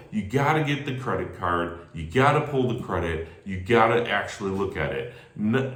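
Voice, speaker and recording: A man giving energetic sales call training who often adds "right?" after his points. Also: medium pitch, echoey room. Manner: energetic, animated, tags lines with "right?". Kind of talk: training talk.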